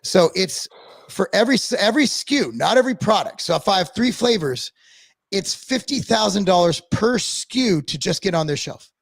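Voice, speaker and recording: Male co-host, higher pitch, blunt profane rambling delivery, dry close sound. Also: animated, normal speed, gravelly, no echo. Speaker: podcast co-host. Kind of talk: casual chat.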